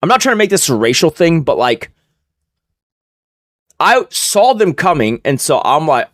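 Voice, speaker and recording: During a live stream, a young man animatedly recounts a story full of profanity, voicing what other people said. He speaks at a moderate pace with long pauses, his voice on the high side, and the sound is clean studio quality with no room noise.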